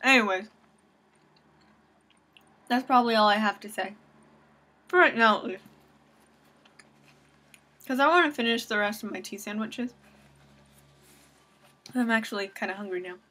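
A young woman from Southern California rants into her webcam at home, her voice sitting a bit high. She sounds sarcastic and self-deprecating as she vents in a loose, casual way. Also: a little slow, long pauses, pushed and bright. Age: young adult. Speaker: vlogger.

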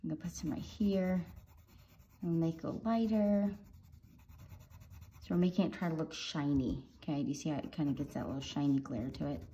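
A woman guiding viewers step by step through coloring a drawing, in a gentle instructing manner. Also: deep voice, fairly even intonation, moderate pace, pauses often, slight background noise. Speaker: art teacher. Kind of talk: drawing tutorial narration.

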